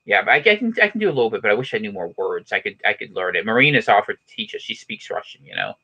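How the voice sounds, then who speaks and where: Brief: bright, fast-talking male podcast host who rambles and restarts. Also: lowish voice, very animated, husky, dull audio. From western United States. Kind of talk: casual chat.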